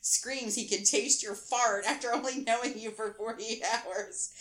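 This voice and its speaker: Woman in her 30s reading a silly story, bright voice, keeps laughing, echoey room. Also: fairly high pitch, measured pace. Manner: animated, laughing through the reading. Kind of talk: reading a funny story aloud. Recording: roomy echo.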